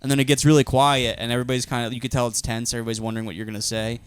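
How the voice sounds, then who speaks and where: A young man co-hosting a casual podcast, deadpan and dry, breaking into laughter as he tells stories. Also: mid-range voice, racing, smooth, no room sound. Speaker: podcast co-host. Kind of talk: casual chat.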